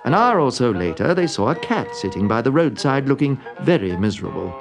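Expressive male storybook narrator. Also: medium pitch, fairly quick, creaky, over music. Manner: expressive, animated. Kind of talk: storybook reading.

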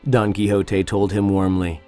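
A man narrates a storybook in a low, calm voice. His delivery is measured and steady, and soft music plays quietly under the reading. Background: faint music.

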